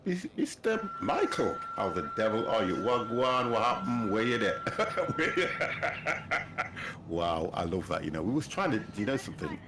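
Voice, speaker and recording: Chatty man, gravelly low voice. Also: background noise. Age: 50s. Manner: chatty, laughing often, animated storytelling. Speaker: livestream host. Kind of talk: casual chat while gaming.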